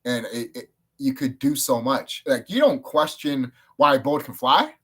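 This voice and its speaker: A man rambling casually to the camera, swearing often and jumping up in pitch when he gets excited. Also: a little slow, husky. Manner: rambling, profane, excitable, with sudden jumps up in pitch. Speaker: video creator. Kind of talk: casual monologue.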